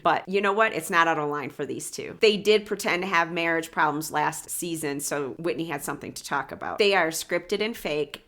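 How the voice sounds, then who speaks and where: A woman recaps reality TV drama in a gossipy, sarcastic way, slipping in laughing asides. Her voice sits low but rings bright and forceful. The feel is a casual, opinionated commentary vlog.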